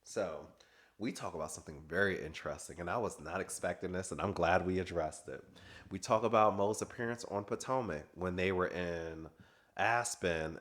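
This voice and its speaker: A man's voice: deep voice, fairly bright tone. A man chatting casually and gossiping through a reality TV recap, laughing often. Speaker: recap vlogger.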